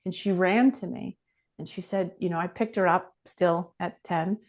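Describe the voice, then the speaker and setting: A woman's voice: lowish voice, steady tone, moderate pace, a little mellow. A middle-aged woman speaking as a guest on a podcast interview, earnest and reflective.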